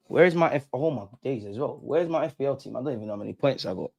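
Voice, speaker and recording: A man's voice: medium pitch, lively intonation, rapid-fire, vocal fry, dry recording. A young man hosting a live fan stream, ranting heatedly and repeating lines for emphasis. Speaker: fan channel host.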